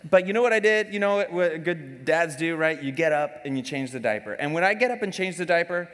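Animated joking pastor in reverberant hall. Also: male voice, on the high side, a little fast. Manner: animated, joking, acts out quotes. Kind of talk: sermon.

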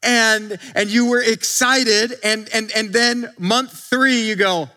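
A man's voice: high voice, slow pace, hardly any pauses, sharp tone. A male pastor preaching a conversational sermon, acting out quotes and often restarting his sentences.

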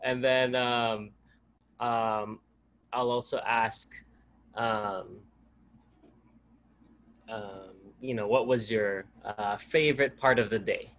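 A young man and father sharing a bedtime routine in church, speaking hesitantly with halting pauses. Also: on the low side, fairly even intonation, a bit bright. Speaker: congregation member sharing. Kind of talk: personal testimony.

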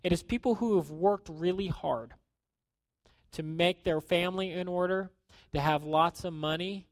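A man preaching a sermon in a conversational way, acting out quotes and dropping to a hushed tone at times. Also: high-pitched, moderate pace, no room sound. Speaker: pastor.

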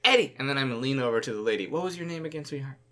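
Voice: medium pitch, very fast. Playful, theatrical tabletop player. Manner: playful, theatrical, mixes in-character speech with narration. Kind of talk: in-character tabletop play.

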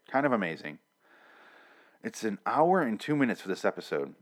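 A man's voice: fairly low pitch, big pitch swings, a little fast. A man casually recapping a TV episode, with blunt, profane rants.

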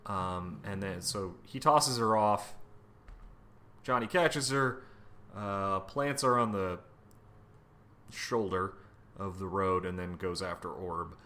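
A man's voice: low voice, takes it slowly, pauses often, bright, forceful tone. A man co-hosting a podcast, recapping a comic book in casual, profane chat full of fillers and restarts. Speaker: podcast co-host.

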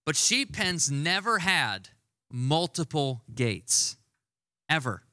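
Pria berkhotbah santai, suara cerah dan kering. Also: male voice, a little high, big pitch swings, bright, forceful tone, no echo, studio quality. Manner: conversational, emphatic preaching with slowed stressed words. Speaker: pastor. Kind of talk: sermon.

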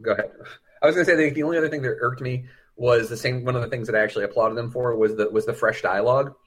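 A man's voice: mid-range voice, steady tone, racing, breathy edge. A man co-hosting a podcast, talking casually and animatedly about a film. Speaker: podcast co-host.

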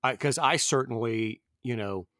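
50s guy on a podcast, mid pitch, rambly, tons of ums, dead dry mic. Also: measured pace, sharp tone, no room sound. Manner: rambling, with many fillers and restarts. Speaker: podcast host. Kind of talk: casual film discussion.

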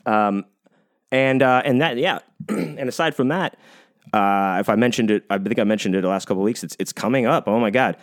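A lowish, brisk voice belongs to an American man running his podcast alone. His casual monologue wanders, laced with profanity, filler words, and frequent restarts.

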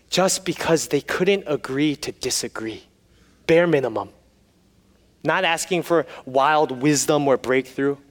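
Animated preacher in an echoing hall. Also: male voice, fairly high pitch. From United States. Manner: storytelling, humorous, then earnest and hushed. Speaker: pastor. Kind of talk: sermon.

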